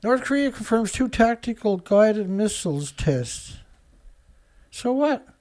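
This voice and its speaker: A man's voice: sits high, animated, unhurried, a little mellow. A man hosting his own show, reading news headlines aloud and answering them with sarcastic, indignant commentary. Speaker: show host.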